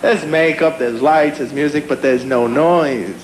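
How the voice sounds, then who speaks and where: A man performing a live stand-up routine, animated and acting out characters, in front of a loud audience. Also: on the high side, a little hiss or hum. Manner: animated, acts out characters in quick bits. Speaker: stand-up comedian. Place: comedy stage before an audience. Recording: echoey live hall with loud crowd.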